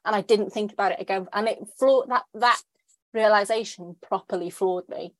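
A woman's voice: mid-range voice, normal speed, dry recording. A woman in her thirties, a writer talking as a podcast guest in a candid, chatty way with many fillers. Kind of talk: casual interview chat.

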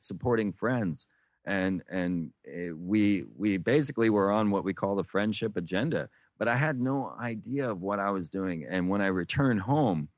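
Low-voiced man telling rambling stories. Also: no room sound. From United States. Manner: meandering, many restarts and fillers, acts out quoted voices. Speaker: interview guest. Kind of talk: rambling storytelling.

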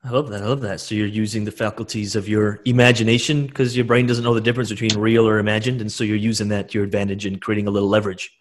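A man's voice: lowish voice, level tone, quick pace, few pauses, a little hiss or hum. A man hosting a podcast, asking long rambling questions with eager enthusiasm. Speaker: podcast host. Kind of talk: interview questions.

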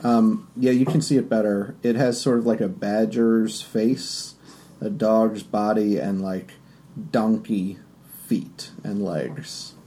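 A man narrating as game master of a tabletop game, describing scenes loosely with fillers and quick asides. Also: on the low side, steady tone, mellow.

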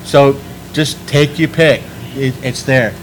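A man hosting a podcast in casual chat, rambling and restarting his sentences, animated when he quotes people. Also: medium pitch, takes it slowly, slight background noise, rough recording. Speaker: podcast host.

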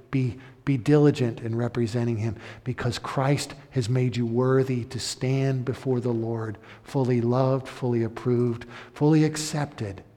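A male pastor preaching a sermon. He builds to emphatic peaks and then drops low and slow. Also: dark tone. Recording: long hall reverb.

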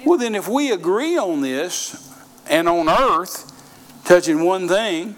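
A man's voice: high-pitched, expressive, slow. A middle-aged man preaching a sermon, telling folksy stories and repeating phrases for emphasis.

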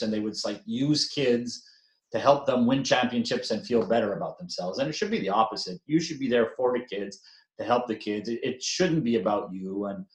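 An older man in his sixties speaks as a longtime basketball coach being interviewed. He rambles in a relaxed, self-deprecating way, with plenty of fillers and restarts. His voice sits at an ordinary middle pitch and carries a noticeable roomy echo. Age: 60s. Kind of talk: casual interview talk.

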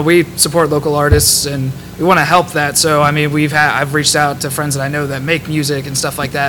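A man's voice: fairly high pitch, background noise. A man speaking on a podcast panel, eager and casual, running sentences together with fillers.

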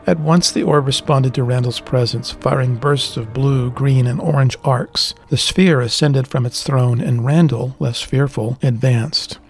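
A man narrating a fantasy audiobook in a steady, deliberate reading style. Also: medium pitch.

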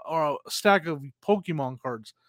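A middle-aged man co-hosting a podcast, telling rambling anecdotes with quick laughs and acting out the voices of people in his stories. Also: a little high, lively intonation, fairly bright tone, no echo, studio quality. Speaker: podcast co-host. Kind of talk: casual chat, storytelling.

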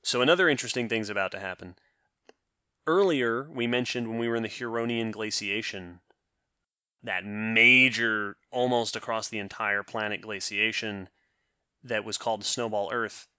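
A man's voice: lowish voice, moderate pace, sharp tone, no echo, studio quality. A man co-hosting a science podcast, explaining at length and thinking aloud with restarts. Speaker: podcast co-host. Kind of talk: casual science podcast chat.

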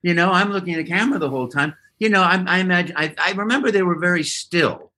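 A man guest telling a lively story in an interview and acting out voices and sounds as he goes. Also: sits high, fast. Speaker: guest voice actor. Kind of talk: animated storytelling.

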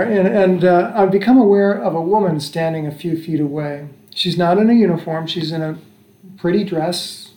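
Here's an American father in his sixties casually recounting his travels at length, chuckling and restarting along the way. His voice leans high with a dark tone, and the room echoes.

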